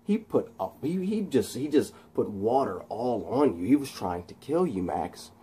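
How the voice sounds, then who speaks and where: A man voicing an unseen, manipulative male voice that softly coaxes and persuades. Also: mid-range voice, sing-song, measured pace, a little hiss or hum. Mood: coaxing. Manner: soft, coaxing, persuasive.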